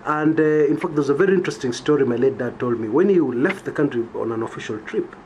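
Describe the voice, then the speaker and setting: A Kenyan man delivers an opinionated monologue in a lively voice whose pitch climbs and falls as he makes his points. He punctuates his points with "yeah?" and "okay?". A faint hiss of noise sits beneath his voice. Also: fast. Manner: emphatic, rhetorical, keeps asking "yeah?". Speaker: political commentator.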